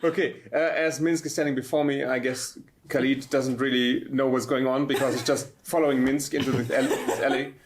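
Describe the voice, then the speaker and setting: A man's voice: medium pitch, fairly even intonation, a little fast. A man playing in a tabletop role-playing game, talking hesitantly with fillers and laughs. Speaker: player.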